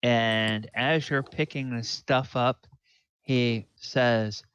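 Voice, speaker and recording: A man narrating as game master of a tabletop game, unhurried, with fillers and pointing at the map. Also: mid-range voice, fairly even intonation, a bit bright, smooth, no room sound.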